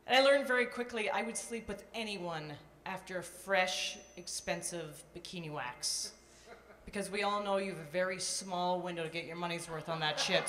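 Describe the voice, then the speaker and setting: A woman's voice: mid-range voice, moderate pace, a bit bright, a little hiss or hum. A woman from Canada doing a live stand-up set, telling stories in a brash, chatty way with profane punchlines. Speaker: stand-up comedian. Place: nightclub stage before a live audience. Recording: roomy live club sound.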